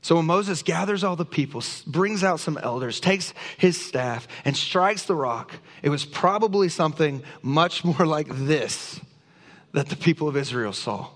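A pastor delivers a sermon, a man whose voice sits a touch high for a man. He reads scripture and presses his points with earnest emphasis. His words ring out with a long reverb through a church sanctuary. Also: expressive, a little slow.

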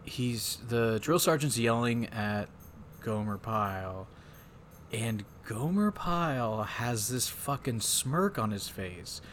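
Profane, animated podcast host man. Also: mid-range voice, takes it slowly, slight background noise. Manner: loose, profane, animated retelling. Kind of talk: casual movie discussion.

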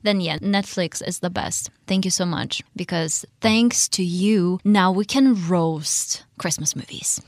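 A woman guest on a radio chat, talking in a playful, animated way and laughing often. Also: lowish voice, a little slow, few pauses, no room sound, studio quality.

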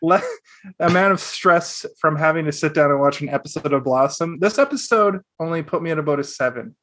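A man co-hosting a casual podcast, animated and swearing freely as he acts out quotes. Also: a little high, fairly quick. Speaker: podcast co-host. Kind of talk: casual chat.

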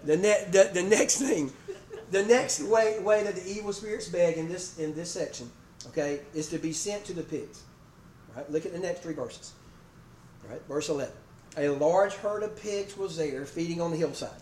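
A man whose voice is on the high side and a little mellow preaches at normal speed in a church sanctuary. His folksy delivery includes naming congregants and frequent "okay?" and "amen?" check-ins. The distant mic picks up an echoey room and faint noise.

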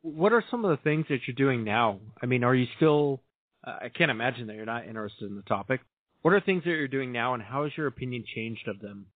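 Male host, quick, joking, dry, phone-line audio. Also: mid-range voice, expressive, dry recording. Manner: joking, asks questions. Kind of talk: casual interview.

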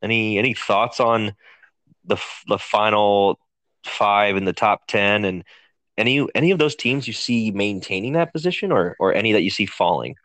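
A man's voice: fairly low pitch, moderate pace, a bit bright, dry recording. A man co-hosting a podcast, leading a casual sports chat in an easygoing, conversational way. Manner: easygoing, conversational, leads the questions. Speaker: podcast co-host.

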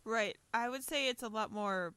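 A woman's voice: on the high side, normal speed, sharp tone, clear, resonant tone, no room sound. A young woman co-hosting a podcast in casual chat, agreeable and a little hesitant. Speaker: podcast co-host.

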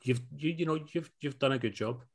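A man's voice: mid-range voice, fairly quick. A Scottish man co-hosting a podcast, chatting casually about films and often asking "do you know what I mean?". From Scotland. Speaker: podcast co-host. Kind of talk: casual film review chat.

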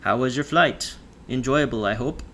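A man's voice: mid-range voice, moderate pace, bright, forceful tone. A man voicing a busy, distracted male director who talks in an offhand, half-sincere way.

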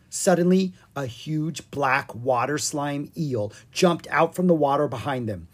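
A reader narrating a children's storybook in an animated, playful way, reading the sound effects aloud. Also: medium pitch, a little slow, few pauses. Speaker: audiobook reader.

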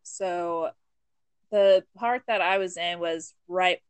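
Giggly woman with a low, dry voice. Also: takes it slowly, smooth, no room sound. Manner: laughs easily, chatty. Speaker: voice actress. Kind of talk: casual chat.

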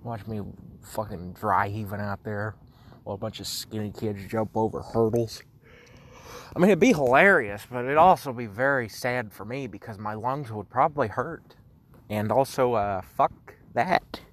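A man's voice: lowish voice, normal speed, fairly bright tone, slight background noise. A young man in his late teens hosting a casual solo podcast, rambling and sleepy, swearing often and cracking self-mocking jokes. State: sleepy, yawning. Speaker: podcast host.

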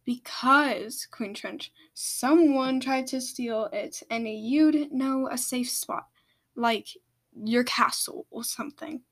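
A woman's voice: high voice, slow. A woman reading aloud and voicing a stern, commanding female dragon queen. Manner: commanding, snarls.

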